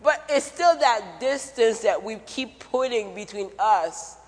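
High-voiced preacher in a reverberant church. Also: male voice, expressive, slow pace. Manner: conversational, jokey, asks the congregation questions. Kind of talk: sermon.

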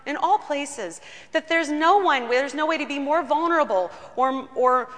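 A woman pastor preaches in a church, weaving personal stories into her sermon with earnest warmth. Her voice is bright and sits a little high. A long reverb hangs behind her words. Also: animated, normal speed.

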